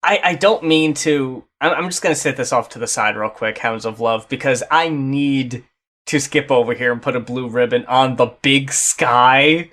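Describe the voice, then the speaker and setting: A man's voice: mid-range voice, moderate pace, fairly bright tone. A man co-hosting a casual album review, emphatic and profane, gushing about songs. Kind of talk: casual chat.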